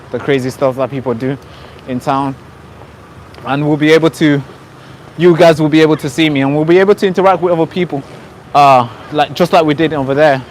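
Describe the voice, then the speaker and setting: A man's voice: a little high, a little hiss or hum. A man live-streaming on a city street at night, chatting casually to his viewers with many restarts. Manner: chatty, restarts often, addresses viewers directly.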